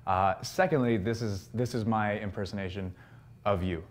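A stiff, self-serious young man lays out his points one by one, as a man puts him on. The voice is pitched a little low and delivered deliberately. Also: natural voice. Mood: lecturing.

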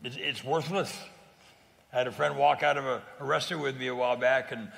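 A man from California talks through stories as a guest in a casual interview, speaking plainly and earnestly and often restarting his sentences. His voice sits in a middle range with a gravelly edge. A long reverb trails each phrase. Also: mid-range voice, fairly even intonation, brisk, fairly bright tone. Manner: earnest, plain-spoken storytelling with frequent restarts. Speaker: guest evangelist.

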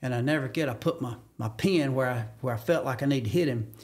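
A man from Georgia with a Southern accent, a podcast guest telling a hunting story in an animated way and acting out the quotes with sudden jumps in pitch. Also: fast, breathy edge. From Georgia, USA. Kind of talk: animated storytelling in casual conversation.

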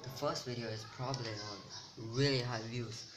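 Over music, a teenage boy with a medium-pitched voice talks to camera at normal speed. It's a noisy home recording of a rambling, self-deprecating vlog in which he keeps losing his train of thought.

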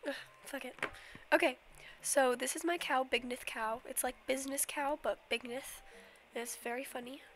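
Young female streamer, slightly sick; high, chatty, apologetic delivery over a faint background hum. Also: fairly even intonation, normal speed, a bit bright. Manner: chatty, giggly, apologetic, rambling with many fillers. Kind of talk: casual Minecraft stream tour.

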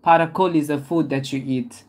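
A man's voice: fairly high pitch, fairly even intonation, a little fast, over loud music. Hyped male stream host. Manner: hyped, repeats calls to hurry up. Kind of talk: live-stream commentary.

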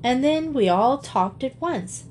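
A woman's voice: sits high, expressive, unhurried, a little mellow, a little hiss or hum. Woman reading a storybook aloud. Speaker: audiobook reader. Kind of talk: storybook narration.

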